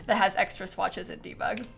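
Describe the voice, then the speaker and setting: A woman's voice: mid-range voice, vocal fry, a bit bright. A woman hosting a livestream, chatting casually and giggling while she plays a game and thanks viewers for donations. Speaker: livestream host. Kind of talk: casual chat while gaming.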